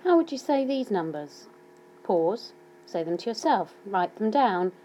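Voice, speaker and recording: A woman narrates a language lesson at an unhurried, deliberate pace, pausing to let learners keep up. She speaks patiently and sounds each number out clearly. A faint noise sits under the recording. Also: medium pitch, expressive, mellow, low-quality recording. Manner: patient, spells numbers out slowly. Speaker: language teacher. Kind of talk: slow explanatory lesson narration.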